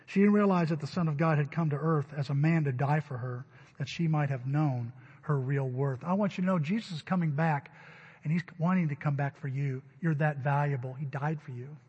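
A male pastor preaching to his church, his fairly high voice turning emphatic and loud on key words. His tone is husky, and it is captured on a dull recording. A long reverb trails after each line in the sanctuary. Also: a little fast. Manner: emphatic, rising to loud stresses. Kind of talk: sermon.

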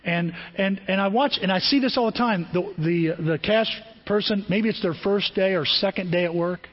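A man preaches a sermon in a high, husky voice, telling stories with animated swings and frequent restarts. The recording is dull and lo-fi. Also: moderate pace. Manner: storytelling, animated, repeats and restarts phrases. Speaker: pastor.

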